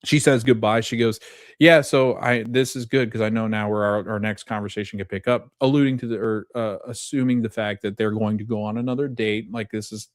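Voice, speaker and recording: A man's voice: fairly low pitch, fairly even intonation, brisk, dry recording, studio quality. A man in his thirties hosting a podcast, recapping a TV episode in a chatty way, quoting scenes and laughing often. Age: 30s. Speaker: podcast host.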